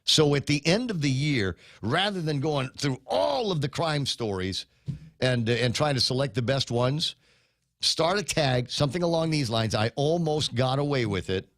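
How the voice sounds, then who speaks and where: A man's voice: medium pitch, very animated, moderate pace, a bit bright, no echo. A man hosting a talk radio show from a studio, chatting in a rambling, joking, conversational way. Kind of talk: casual talk radio chat.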